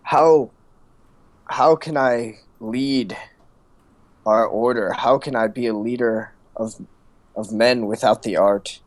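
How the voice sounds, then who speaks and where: A man voicing a young male magister who has lost his magic, speaking slowly in a subdued, doubting way. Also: medium pitch, steady tone, dry recording, lightly acted.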